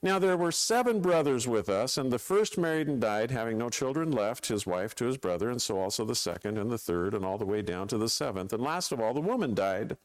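Man doing sneering scheming questioners, high mocking sing-song, loud and pushed. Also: lively intonation, fairly quick, hardly any pauses, dry recording, natural voice.

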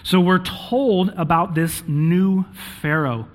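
A married man preaches in a slightly high voice. He reads scripture aloud and explains it in plain terms. He keeps checking in with an "okay?" and scatters "um" between his points. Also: slow pace. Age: adult, married. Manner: checks in with frequent "okay?", with fillers. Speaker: pastor. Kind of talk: sermon with scripture reading.

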